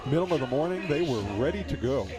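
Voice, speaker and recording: A man doing live play-by-play commentary on a college football game, lively and jokey. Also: a little high, fast, over music. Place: outdoor football stadium broadcast booth.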